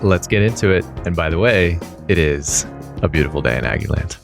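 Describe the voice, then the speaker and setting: A man's voice: sits low, lively intonation, a little fast, creaky, music in the background. A man hosting a casual podcast, upbeat and joking with his co-host.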